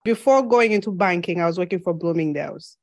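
A woman's voice: lowish voice, expressive, fast talker, no room sound. A woman from Zambia with a slight lisp, a podcast guest telling her story in an earnest, reflective way in a casual interview.

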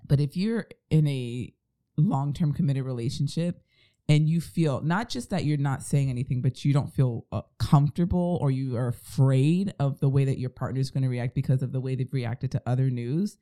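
A man's voice: medium pitch, moderate pace, mellow. A man in casual podcast chat, talking earnestly and giving advice to listeners. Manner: earnest, advising.

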